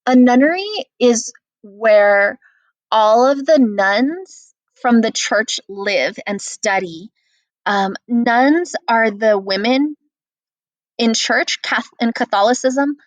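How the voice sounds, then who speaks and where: A woman's voice: fairly high pitch, takes it slowly, no room sound. Casual woman teacher explaining a play. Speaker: English teacher. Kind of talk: guided reading lesson.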